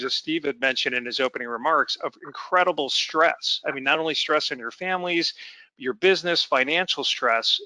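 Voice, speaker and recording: A man's voice: fairly high pitch, bright, forceful tone, dry recording, low-quality recording. A man answering as a webinar panelist over a video call, earnest and reassuring.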